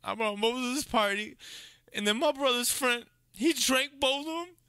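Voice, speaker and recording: A weepy drunk grown man, as a man puts him on, whines in a drawn-out, pleading way. His voice sits well above the performer's own and comes out sharp and bright. The recording is dry and close. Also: very high-pitched, clean tone, no echo, voice pushed up, heavily acted. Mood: aggrieved drunk.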